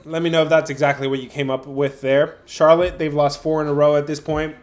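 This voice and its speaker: A man's voice: a little high, little pitch movement, fairly quick, faint music behind. A young man hosting a sports betting livestream, chatting casually with viewers about picks, with lots of fillers. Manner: chatty, addresses chat viewers directly, frequent fillers.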